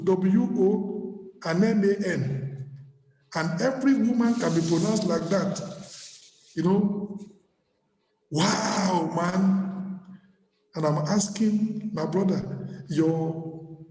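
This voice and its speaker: Brief: male pastor, high voice with a mellow tone, jokey sermon delivery, echoey church. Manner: preaching with humor and wordplay, laughing often.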